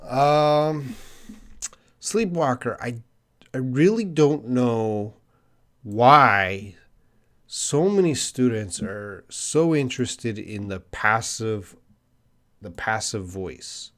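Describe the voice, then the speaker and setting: A man's voice: medium pitch, expressive, extremely slow, long pauses, fairly bright tone. A middle-aged man with a Canadian accent, an English teacher answering viewers' chat questions on a live stream, patient and thinking aloud with ums and hmms.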